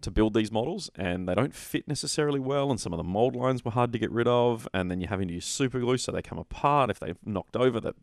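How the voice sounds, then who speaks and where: A man's voice: mid-range voice, quick pace, vocal fry, few pauses, no echo, clean studio sound. A man co-hosting a casual tabletop wargaming chat, rambling and opinionated, often correcting himself mid-sentence. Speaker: podcast co-host.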